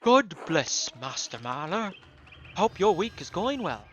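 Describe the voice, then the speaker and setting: A man's voice: high-pitched, big pitch swings, a little slow, faint music behind, pitched above the performer's own voice. A man voicing an older village priest who speaks in a solemn, moralizing way. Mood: preachy. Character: older male village priest, pious and preachy.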